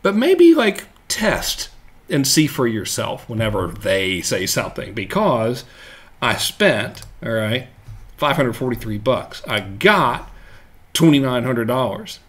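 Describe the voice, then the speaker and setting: A man's voice: mid-range voice, big pitch swings, takes it slowly, fairly bright tone. Jokey, loose-talking man teaching marketing. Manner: loose and jokey, full of fillers and check-ins. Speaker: marketing coach. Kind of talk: casual live-streamed teaching.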